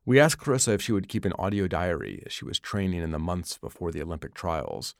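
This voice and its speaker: A man narrating a radio documentary as host, in a measured storytelling delivery. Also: low-pitched, big pitch swings, vocal fry, dry recording, clean studio sound.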